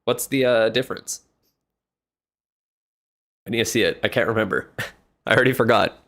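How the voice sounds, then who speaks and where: A man streaming and commentating a match in casual live play-by-play, reacting excitably and chatting with the odd swear word. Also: fairly low pitch, moderate pace.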